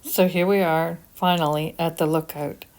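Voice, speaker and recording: A woman's voice: low voice, steady tone, moderate pace, darkish tone. Earnest older woman narrating her vlog. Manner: earnest, encouraging, motivational. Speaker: vlogger.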